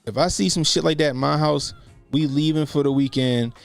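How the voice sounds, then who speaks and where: Gravelly man ranting on a livestream. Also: fairly high pitch, steady tone, fairly quick, soft background music. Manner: laughs often, rambling and profane. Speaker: livestream commentary host. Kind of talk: casual profane livestream commentary.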